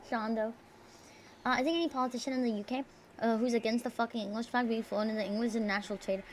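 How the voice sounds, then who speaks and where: A woman's voice: fairly high pitch, fairly even intonation, fast talker, slight background noise. A young woman from the United States streaming from home, chatting casually and reading viewer messages aloud in an offhand, profane, joking way. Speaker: livestreamer. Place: at home near neighbors.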